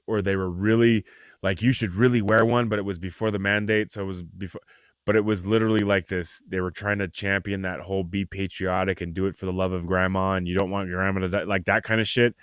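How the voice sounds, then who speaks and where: A man's voice: sits low, smooth, no echo, studio quality. A man hosting a podcast, chatting casually, telling stories with lots of swearing and mocking voices. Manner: animated storyteller, mocking voices, swears a lot. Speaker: podcast host. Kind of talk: casual profane chat.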